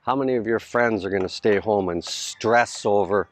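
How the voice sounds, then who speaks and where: A middle-aged Canadian man vlogs outdoors at a house build site in the Philippines, chatting casually to camera and laughing often. His fairly low voice moves at a normal speed with hardly any pauses, and he speaks in Canadian English straight to his viewers.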